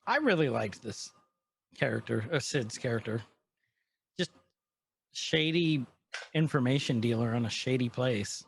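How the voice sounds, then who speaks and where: A man's voice: mid-range voice, a little slow, creaky, pauses often, breathy edge. A man co-hosting a casual podcast, animatedly retelling an episode and quoting its characters. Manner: animated retelling with quoted lines. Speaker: podcast co-host. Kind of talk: casual chat recapping an episode.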